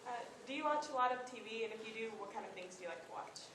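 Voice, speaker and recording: A woman in the audience asking quick, eager questions at a convention panel. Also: fairly high pitch, animated. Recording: distant, very echoey, crowd noise.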